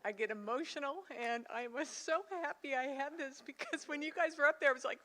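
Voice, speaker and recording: A woman's voice: a little high, lively intonation, a little fast, fairly bright tone. An older woman giving an earnest, emotional awards speech to students in a college auditorium. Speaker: Secretary of State, competition judge. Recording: hall reverb.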